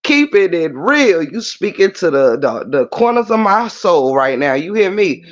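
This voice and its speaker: A man hosting a livestream, talking casually and in an animated, preachy way straight to his viewers. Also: high voice, a little slow. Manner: animated preachy talk, addresses viewers directly. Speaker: livestream host. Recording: muffled lo-fi stream audio.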